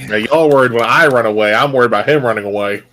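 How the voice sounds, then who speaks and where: A man's voice: medium pitch, fast, bright, forceful tone, a little hiss or hum. A man playing in a tabletop game, joking and walking through his character's actions step by step. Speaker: player. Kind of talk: casual play talk in a tabletop game.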